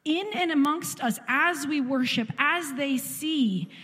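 Female congregant, fervent prophetic exhortation, slightly high voice, long church reverb. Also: slow, a bit bright. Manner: fervent, repeating phrases for emphasis. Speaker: church member giving a prophetic word. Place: church sanctuary.

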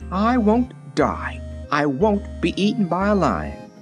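A man doing a shrill frightened old farm wife. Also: huge pitch swings, slow, soft background music, exaggerated voice. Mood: wailing. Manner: high wailing pleas.

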